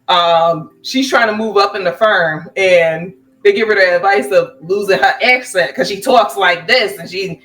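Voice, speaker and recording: Bright-voiced woman in a roomy echo. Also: medium pitch, moderate pace, few pauses, far from the mic. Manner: animated, laughing storytelling. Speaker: podcast co-host. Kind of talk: casual chat. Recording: roomy, from the mic, faint music.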